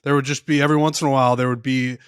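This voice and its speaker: A man from the Midwest co-hosting a podcast, talking relaxed with small restarts. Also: mid-range voice, rapid-fire, smooth, dry recording, clean studio sound. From American Midwest. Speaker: podcast co-host. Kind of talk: casual chat.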